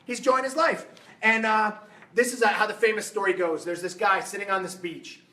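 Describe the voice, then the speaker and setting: Energetic man preaching to a seminar crowd. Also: high voice, brisk. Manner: energetic, emphatic, fires rhetorical questions at the audience. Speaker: fitness coach and motivational speaker. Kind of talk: live motivational seminar talk. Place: seminar room in front of a live audience. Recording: roomy hall sound, mic at a distance.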